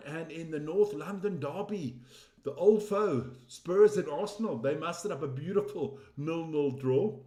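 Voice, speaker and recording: A man's voice: a little high, warm tone. A man hosting a casual sports results roundup, chatty, opinionated and teasing. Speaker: sports news host. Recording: roomy echo.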